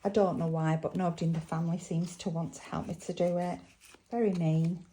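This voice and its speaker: A woman's voice: lowish voice, fairly even intonation, a little fast, warm tone, husky, low-quality recording. A woman with a Lancashire accent chatting casually at her craft table, thinking aloud and asking viewers questions as she works. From England. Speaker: crafting vlogger. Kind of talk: casual chat while crafting.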